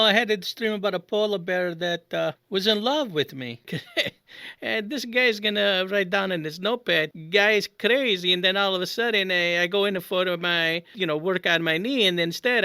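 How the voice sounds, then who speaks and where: A performer voicing an excitable middle-aged Italian immigrant man who tells rambling comic stories in broken English with an exaggerated Italian-American accent. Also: medium pitch, no echo, studio quality. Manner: rambling, animated, broken grammar. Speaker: podcast host. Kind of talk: comic character monologue.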